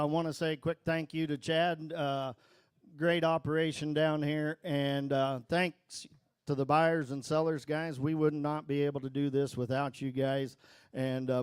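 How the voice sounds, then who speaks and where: Smooth, even-voiced auctioneer from Iowa. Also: male voice, a little high, dry recording, clean studio sound. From Iowa, United States. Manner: plainspoken, says "guys" often, filler "uh". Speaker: livestock auctioneer contestant. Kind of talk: thank-you speech then auction chant. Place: indoor livestock auction ring.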